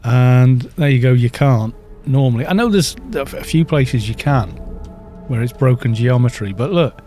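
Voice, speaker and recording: A man with a mellow, darker voice talks through a live game stream, drifting from game remarks into long, chatty stories. His delivery is loose and rambling, with faint music playing behind him. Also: medium pitch, lively intonation, normal speed. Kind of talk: casual live-stream chat while gaming.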